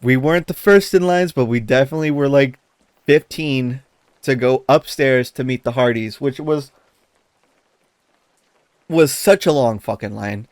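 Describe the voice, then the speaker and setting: A man co-hosting a podcast, telling a story in casual chat, animated, laughing as he talks and swearing often. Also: medium pitch, unhurried, pauses often, dry recording, studio quality. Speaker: podcast co-host.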